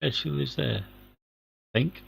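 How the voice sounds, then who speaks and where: A man's voice: medium pitch, measured pace, vocal fry, breathy edge, no room sound. Man, dry teasing banter, casual group chat, close dry recording. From England. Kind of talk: casual chat among friends.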